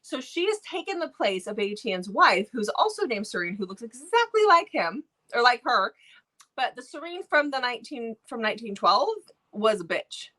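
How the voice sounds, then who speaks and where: Bright-voiced woman gushing about books. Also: on the high side, normal speed. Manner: gushing, self-interrupting, animated storytelling. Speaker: book review co-host. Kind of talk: casual book chat.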